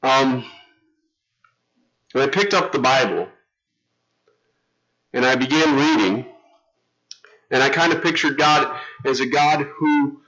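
A man's voice: medium pitch, slow, long pauses, bright, forceful tone. A middle-aged man preaching as a pastor, storytelling in a casual, conversational way with frequent restarts. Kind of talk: sermon. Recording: dull lo-fi sound.

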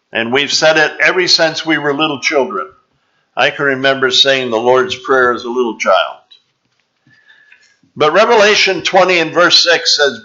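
A man preaching a sermon in a church, teaching slowly and deliberately and drawing out the scripture he reads aloud. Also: medium pitch, pushed and bright. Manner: slow, deliberate preaching with drawn-out scripture reading. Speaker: pastor. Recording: dull, slightly lo-fi sound.

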